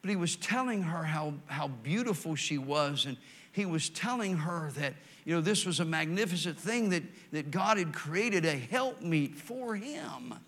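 Bright-voiced preacher, folksy. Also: male voice, fairly high pitch, expressive. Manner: folksy, storytelling, swings from loud emphatic to quiet and slow. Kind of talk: sermon.

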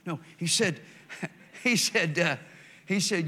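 Bright-voiced preacher, folksy. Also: male voice, high-pitched. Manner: folksy, storytelling, swings from loud emphatic to quiet and slow. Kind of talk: sermon.

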